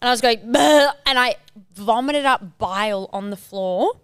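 A woman's voice: a little high, moderate pace, fairly bright tone, clear, resonant tone, no echo. A young woman co-hosting a podcast, chatting casually and acting out quotes. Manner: chatty, laughing reactions, acts out quotes. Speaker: podcast co-host. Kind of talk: casual chat.

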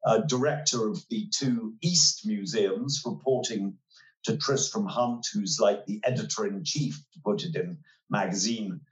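A man's voice: on the low side, unhurried. A man in his sixties, an interview guest telling stories in an articulate, wry way with frequent hesitations. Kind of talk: relaxed conversational interview. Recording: roomy echoey sound.

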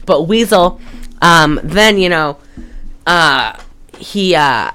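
A woman's voice: fairly low pitch, animated, takes it slowly, pushed and bright. A woman hosting a casual chat, rambling through a movie plot with lots of fillers and swearing.

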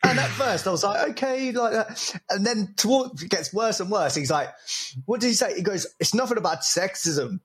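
A man's voice: high voice, normal speed, a bit bright. A man co-hosting a casual reality TV podcast, telling stories with quoted reactions and frequent laughter. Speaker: podcast co-host. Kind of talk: casual chat reviewing reality TV.

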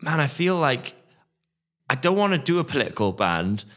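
Halting man musing about his band. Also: medium pitch, big pitch swings, fairly bright tone. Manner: halting, repeats words while searching. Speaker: guest musician. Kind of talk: casual chat.

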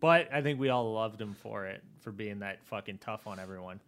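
Animated man swapping comedy club stories. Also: on the low side, a little fast. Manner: animated, profane storytelling. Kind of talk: casual podcast chat.

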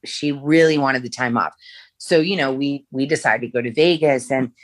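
Low-voiced woman telling stories. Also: normal speed, dry recording. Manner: rambling, many fillers and restarts. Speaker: former makeup artist, guest. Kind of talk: storytelling interview.

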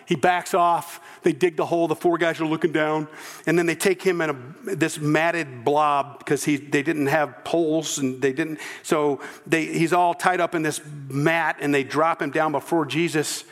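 A male pastor preaching a sermon, animated and throwing in joking asides. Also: a little high, moderate pace, in a large hall.

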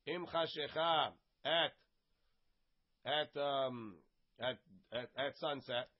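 A man's voice: medium pitch, takes it slowly. Man teaching a casual text class. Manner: reads a phrase, then translates and explains it plainly. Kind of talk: casual text study lesson. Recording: dull, lo-fi sound.

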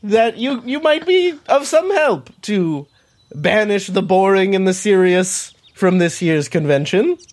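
Guy doing a jittery crybaby goose, squeaky and rushed. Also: expressive, dry recording. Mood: uneasy. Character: jumpy, weepy male goose.

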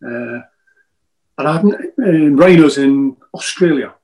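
A man's voice: a little high, slow pace, darkish tone, rough recording. A man, a former footballer telling rambling, joking stories in an interview and often repeating himself. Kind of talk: casual interview chat.

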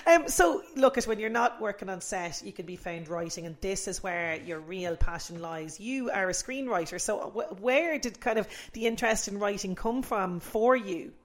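A woman's voice: medium pitch, lively intonation, normal speed, hardly any pauses. A woman hosting an interview, asking chatty questions with a few hesitant fillers. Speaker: interviewer host. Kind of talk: casual interview.

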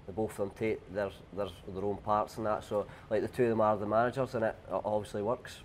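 A Scottish man talking as a guest footballer, relaxed and hesitant with fillers. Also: lowish voice, fast, slight background noise. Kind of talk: casual interview.

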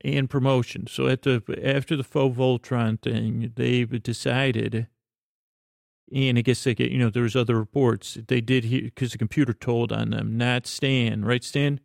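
A man spins a rambling, improvised bedtime story in a gravelly, mid-pitched voice. He halts and restarts often, leaning on fillers as he meanders. The sound is dry and close. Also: fairly even intonation, a little slow, dry recording. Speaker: storyteller addressing a pen pal.

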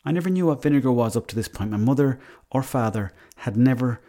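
A man's voice: medium pitch, lively intonation, quick pace, mellow. A man with an Irish accent telling a rambling, self-mocking story, swearing casually as a podcast host.

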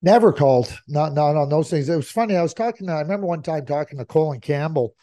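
Emphatic high-voiced hockey analyst man. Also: expressive, quick pace, dark tone. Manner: emphatic, repeats points for effect. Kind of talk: casual sports chat.

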